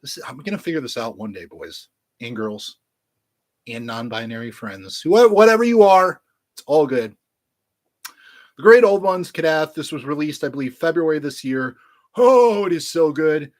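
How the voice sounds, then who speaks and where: A man rambles and jokes crudely while showing his vinyl records to viewers over a webcam in a casual unboxing chat. He speaks on the high side, expressively, at a moderate pace.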